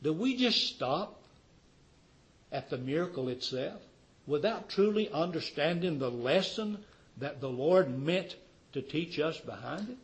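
A man preaching a sermon with fervor, firing rhetorical questions at his congregation and swinging from loud declarations to quiet, dropped endings. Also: on the high side, animated, unhurried, poor audio. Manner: fervent, rhetorical questions, wide swings in loudness.

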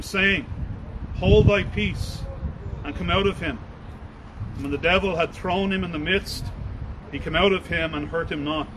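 A man, a preacher, reading scripture aloud in a measured, formal way and then starting his sermon. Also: fairly high pitch, noisy background.

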